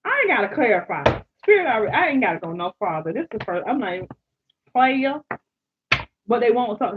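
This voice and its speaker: A woman giving a live tarot reading, animated, exclaiming and repeating phrases to her listeners. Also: a little high, fast talker, background noise. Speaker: tarot reader. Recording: dull lo-fi sound.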